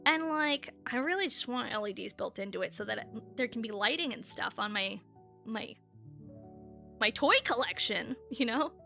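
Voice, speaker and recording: A woman's voice: fairly high pitch, expressive, normal speed, creaky, pushed and bright, faint music behind. A young woman streaming, chatting casually and candidly with her viewers and swearing freely. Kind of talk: casual live-stream chat.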